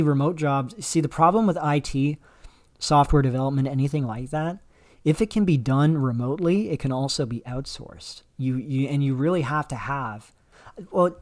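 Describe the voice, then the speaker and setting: A man with a slightly high, darkish voice hosts a casual livestream, rambling through chat questions with lots of fillers and restarts. A dog barks faintly in the background.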